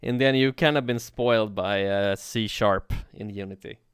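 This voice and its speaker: Man, livestream coding lesson, relaxed and swearing, smooth resonant voice, dry sound. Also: lowish voice, moderate pace, dry recording. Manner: relaxed, swears casually, thinks aloud. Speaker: livestreaming programming teacher. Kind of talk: casual live coding tutorial.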